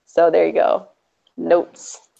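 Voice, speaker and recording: A woman's voice: fairly low pitch, completely flat delivery, takes it slowly, vocal fry, mellow. A woman hosting a stream in casual chat, sarcastic and chatty, laughing often. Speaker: stream host. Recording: dull lo-fi audio.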